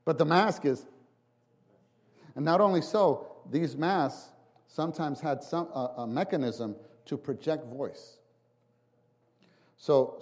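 A man delivering a sermon in an ordinary mid-range voice. He restarts and repeats words as he thinks aloud. Now and then he throws his voice high and loud to act out a quote. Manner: animated, acts out quotes with big voice jumps. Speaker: preacher.

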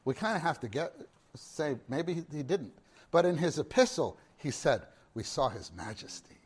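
A male preacher with a fairly high voice delivers a sermon that swings from hushed murmurs to loud, ringing exclamations. He repeats phrases for emphasis and keeps putting questions to his listeners. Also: expressive, moderate pace, husky.

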